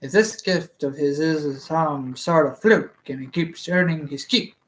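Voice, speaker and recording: A reader voicing a grumpy dwarf man, halting and stumbling over the words. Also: mid-range voice, natural voice. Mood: grudging.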